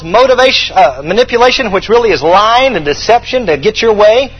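A man's voice: high voice, expressive, fairly quick, breathy edge, highs cut off. A man preaching a sermon as pastor, emphatic and repeating his key points for the congregation to write down.

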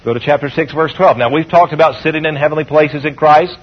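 Dull, lo-fi sound reminiscent of an old radio broadcast carries a call-and-response sermon. The preacher is a man with a fairly high, husky voice, and he slows down and rises whenever he reads scripture.

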